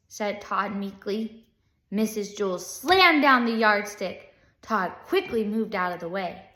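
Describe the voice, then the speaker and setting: A woman narrating a children's book in a bright, lively voice, taking her time over each line. Her pitch rides high and moves a lot, and the reading sounds echoey, as if in a bare room. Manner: expressive, unhurried storytelling. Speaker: audiobook reader.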